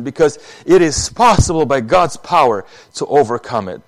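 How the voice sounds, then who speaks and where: A man's voice: a little high, animated, normal speed. A man preaching an earnest sermon, often acting out prayers and repeating words as he speaks.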